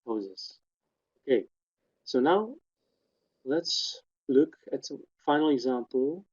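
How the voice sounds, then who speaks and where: A man's voice: medium pitch, expressive, takes it slowly, darkish tone. A man presenting a webinar, methodically explaining sound details in a technical lecture and pointing them out one step at a time. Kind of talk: technical lecture walking through spectrograms. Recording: dull lo-fi webinar audio.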